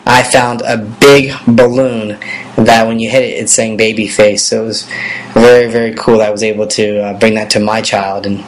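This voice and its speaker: A man's voice: lowish voice, normal speed, a little hiss or hum, poor audio. Rambling man answering fan questions. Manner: relaxed and rambling, many fillers. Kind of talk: casual video Q&A.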